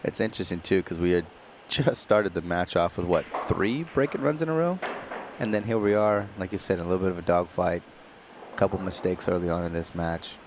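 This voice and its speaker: A man from Singapore giving live pool commentary in a relaxed, chatty way, explaining each shot in detail. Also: deep voice, a little fast, background noise.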